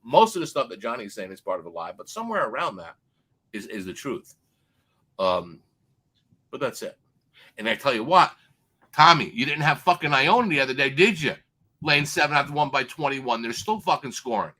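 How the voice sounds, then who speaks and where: Loud swearing man telling a rant. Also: mid-range voice, sing-song, normal speed. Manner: loud, swearing, acts out quoted people. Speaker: sports betting guest. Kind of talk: profane storytelling rant.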